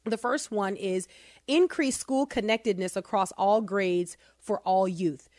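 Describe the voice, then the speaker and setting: Animated woman podcast host, dry sound. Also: mid-range voice, no room sound. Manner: animated, sarcastic asides, quick bursts then slow emphasis. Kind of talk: casual opinion podcast talk.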